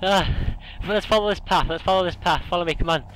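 A man's voice: high voice, fast talker. A young man hosting a let's play, panicky and out of breath, swearing and jumpy as he plays. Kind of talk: casual gaming commentary. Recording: noisy home recording.

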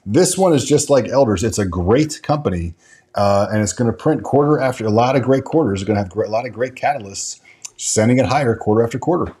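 A man's voice: mid-range voice, lively intonation, quick pace, darkish tone. Rambling man hosting a stock livestream. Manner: rambling, with frequent restarts and fillers; reads out and answers viewer chat. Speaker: stock market show host. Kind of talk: casual livestream commentary.

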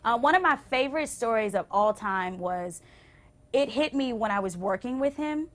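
A young adult woman singer telling stories as a TV interview guest, acting out quotes with big swings and going hushed when moved. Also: normal speed. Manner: expressive, acts out quotes with big pitch swings. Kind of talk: animated storytelling in a TV interview. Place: TV station interview.

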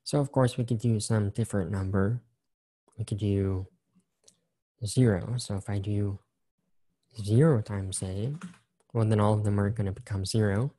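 Low, very dark-voiced male instructor. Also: fairly even intonation, moderate pace, pauses often. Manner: casual, repetitive, walks through examples step by step. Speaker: engineering instructor. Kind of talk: recorded screen-share lecture.

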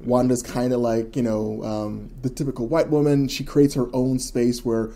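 Mellow-voiced man chatting loosely. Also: medium pitch, little pitch movement, normal speed. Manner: rambling, filler-heavy, enthusiastic. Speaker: podcast co-host. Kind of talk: casual chat.

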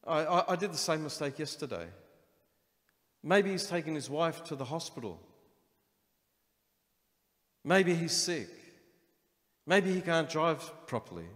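A man preaching a sermon as pastor, animated and acting out the inner voices of his listeners. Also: fairly high pitch, normal speed, long pauses. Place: church hall. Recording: long hall reverb.

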